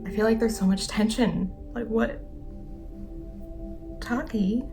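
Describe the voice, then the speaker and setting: A woman's voice: on the high side, fairly even intonation, slow. A woman hosting a casual music video reaction, gushing and exclaiming often. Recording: loud music behind the voice. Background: music playing.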